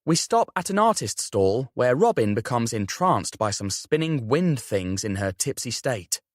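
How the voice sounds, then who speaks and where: Young man, audiobook narrator, first-person, expressive, lively pitch, dry sound. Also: no room sound. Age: young adult. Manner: expressive storytelling.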